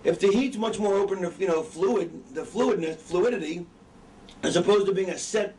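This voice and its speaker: A middle-aged wrestling trainer with a high, mellow voice teaches at a moderate pace, casual and profane. He rambles and often loses his train of thought, caught on a distant mic with faint background noise.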